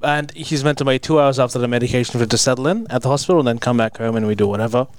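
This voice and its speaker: A man who works as a youth worker, chatting casually and telling an everyday story in a relaxed, hesitant way with many "um"s. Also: mid-range voice, very fast, no room sound. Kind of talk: casual chat.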